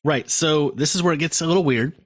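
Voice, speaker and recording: A man's voice: on the high side, quick pace. A man co-hosting a comic podcast, recapping an issue in a wry, joking way. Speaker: podcast co-host. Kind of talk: casual chat recapping a comic.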